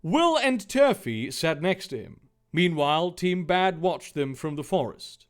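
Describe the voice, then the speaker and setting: A man's voice: a little high, big pitch swings, measured pace. A young man reading fan fiction aloud for comedy, with sarcastic asides and swearing.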